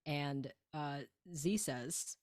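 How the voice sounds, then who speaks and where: A woman's voice: deep voice, drawn-out words, a little mellow, dry recording, clean studio sound. A woman chatting casually as a player in a tabletop game, giggly and rambling with lots of fillers.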